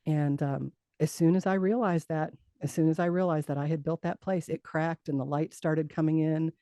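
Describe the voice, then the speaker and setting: A middle-aged woman telling a personal story in an interview, lively and acting out what others said, with frequent laughs. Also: deep voice, moderate pace, dry recording. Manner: animated storytelling, acts out quoted voices, laughs often. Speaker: guest.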